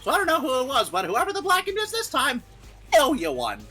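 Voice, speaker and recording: A man's voice: extremely high pitch, huge pitch swings, a little fast, pushed and bright, faint music behind, pitched above the performer's own voice, heavily acted. A man voicing a gleeful, sadistic male bear mascot villain, reading game dialogue in a taunting sing-song.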